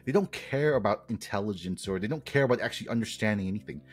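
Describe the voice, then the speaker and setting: A man's voice: on the low side, expressive, fast talker, breathy edge, faint music behind. A man co-hosting a podcast in casual chat, ranting heatedly with lots of swearing. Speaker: podcast co-host.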